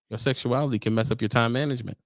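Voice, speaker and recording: A blunt man talks straight to his viewers with a gravelly rasp to his voice. He swears casually and pushes his pitch high and loud when he hammers a point home. The sound is dry and close, with no room around it. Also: steady tone, fast talker, dry recording. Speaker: trucking livestream host. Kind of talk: casual advice talk to viewers.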